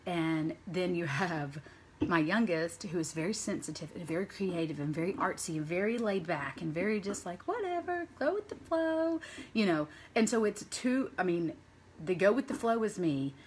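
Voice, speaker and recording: A woman in her thirties, a mother, chats to camera in a casual vlog. Her voice sits a little low, and she rambles from one thought to the next. A faint hiss of noise runs under the recording. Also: normal speed, a little mellow. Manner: chatty and rambling, stringing thoughts with "and so". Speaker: mother sharing parenting stories.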